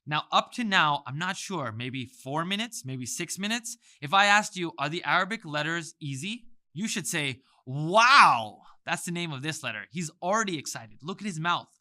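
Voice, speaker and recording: Bright, lively man teaching letters. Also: on the high side, normal speed, few pauses. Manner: animated, playful, exaggerated sounds. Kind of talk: energetic mnemonic lesson.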